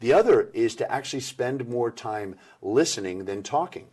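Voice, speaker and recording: A middle-aged man giving energetic interview answers about workplace communication, acting out the people he quotes. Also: medium pitch, moderate pace, husky. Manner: animated, acts out quoted people.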